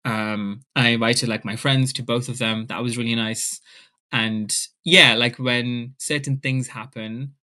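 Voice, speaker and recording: Bright-voiced man telling stories. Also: mid-range voice, a little slow. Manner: animated, acts out family members' voices. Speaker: author, interview guest. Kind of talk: casual storytelling in an interview.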